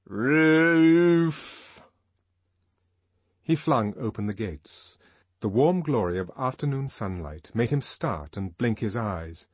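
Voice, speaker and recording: A man reading a novel aloud as audiobook narrator, in an expressive, varied manner. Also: lowish voice, measured pace, husky, no room sound.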